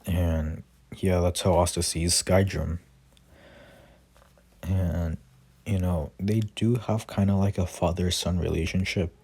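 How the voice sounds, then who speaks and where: A man's voice: sits low, steady tone, takes it slowly, long pauses, slightly rough. A young man casually retelling his own fan story, rambling with many fillers and restarts. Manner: reads character lines quietly without voices.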